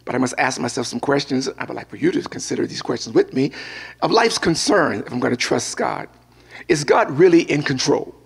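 A man's voice: mid-range voice, lively intonation, fairly quick, vocal fry, slightly rough. An older man, a pastor, preaching a sermon and weaving scripture together with a personal story.

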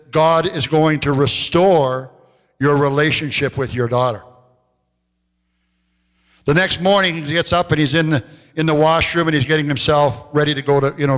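A man pastor preaching a sermon, telling stories and slowing down to stress key phrases. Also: fairly bright tone. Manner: storytelling preacher, rises in pitch for quoted voices, slows for emphasis. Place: church sanctuary. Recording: long church hall reverb.

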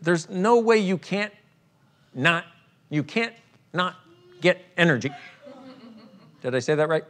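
High-voiced, joking man leading a workshop. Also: moderate pace, pauses often, fairly bright tone. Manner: irreverent and joking, often laughing, swears. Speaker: workshop facilitator. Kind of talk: live workshop talk to an audience.

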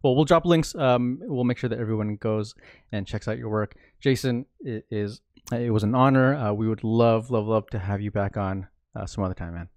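A man's voice: fairly low pitch, normal speed, a little mellow, no echo. Dry-sounding casual podcast host, a man. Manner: rambling, many "like" fillers and restarts. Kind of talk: casual conversation.

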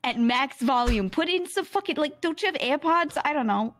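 A woman in casual role-play banter, quiet, sleepy and exasperated. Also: sits high, animated, moderate pace. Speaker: role-play player character.

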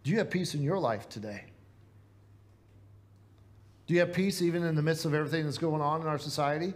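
A man's voice: on the high side, fairly quick. A man with a Midwestern American accent preaching a sermon in a church, earnest and conversational, asking the congregation rhetorical questions. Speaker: pastor.

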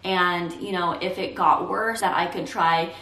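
A woman's voice: on the low side, fairly even intonation, unhurried, a bit bright, distant mic. A young woman talking candidly and reassuringly to camera in a casual vlog. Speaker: vlogger. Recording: roomy echo, a bit off the mic.

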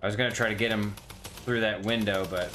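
A man's voice: lowish voice, quick pace, slight background noise. A man commentating his own gameplay casually, mocking himself and yelping when things go wrong. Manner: self-mocking, excitable yelps. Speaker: gaming streamer.

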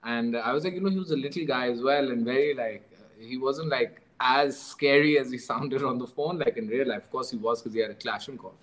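Man, author guest, lively anecdotal telling, mid-pitched voice, breaks into laughter often. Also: fairly quick, hardly any pauses, poor audio. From Pakistan. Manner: animated storyteller, mixes in Urdu phrases; laughs while telling grim stories. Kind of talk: storytelling interview.

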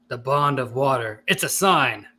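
A man's voice: mid-range voice, animated, measured pace, bright, forceful tone, breathy edge, full character voice. A man voicing a terse, formal male desert warrior while reading a novel aloud. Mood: solemn. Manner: stiff, formal read-aloud speech.

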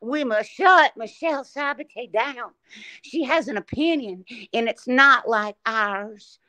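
A woman's voice: a little high, a little slow, pushed and bright, no echo. A woman voicing a sanctimonious anti-gun woman from up north, preaching in a sing-song televangelist manner. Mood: preachy. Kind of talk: mocking impression on a livestream.

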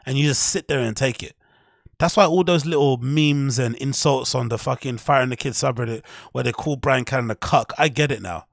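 A man's voice: mid-range voice, gravelly, no room sound, clean studio sound. A man giving casual, heated commentary on a clip, blunt and full of swearing.

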